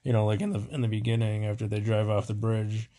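A man's voice: lowish voice, little pitch movement, fast talker, mellow. A man co-hosting a casual movie chat, speaking in a laid-back, hesitant way with many fillers.

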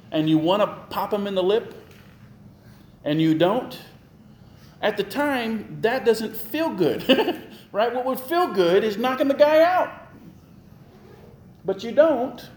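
A man preaching a sermon in a conversational, joking style, quoting scripture and getting lively as he makes his points. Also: high voice, unhurried, long pauses, reverberant. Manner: conversational, jokey, animated preaching. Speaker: pastor.

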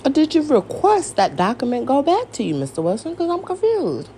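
A woman's voice: a little high, big pitch swings, a little fast, mellow, a little hiss or hum. A woman hosting a podcast, ranting in a casual, exasperated, profane way and firing off rhetorical questions. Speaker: podcast host. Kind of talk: casual rant.

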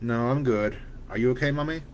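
A man voicing an eager little boy with superpowers who gets excited and whines when told no. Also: medium pitch, fairly quick, a little hiss or hum, lightly acted.

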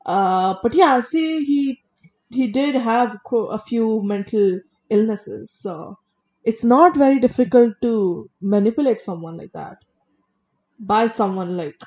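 A woman talks through a criminal case in a relaxed podcast conversation. She reads out the facts and then breaks off to give her own blunt opinions. She trips over a word now and then. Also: on the high side, slow. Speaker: co-host. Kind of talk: casual true-crime podcast chat.

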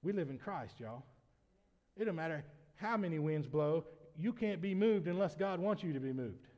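A man preaching a sermon as pastor, shifting between quiet conversational asides and loud, emphatic preaching. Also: on the high side, lively intonation, moderate pace. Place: church sanctuary. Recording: long reverb of a church hall.

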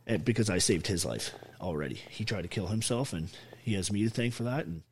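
A man's voice: lowish voice, expressive, fairly quick, a little mellow, slightly rough. An army veteran telling his story as an interview guest, blunt and full of swearing. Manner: blunt, heavily profane, emphatic.

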